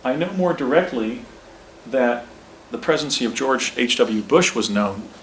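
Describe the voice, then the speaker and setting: A man's voice: medium pitch, lively intonation, normal speed, slight background noise, low-quality recording. A middle-aged man giving a presentation with slides, rambling with many restarts and a little out of breath. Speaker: speaker recounting personal claims.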